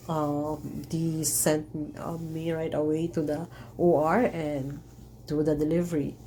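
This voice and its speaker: A woman vlogger telling a personal story in an earnest, emotional way, halting often with fillers and restarts. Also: sits low, warm tone, a little hiss or hum.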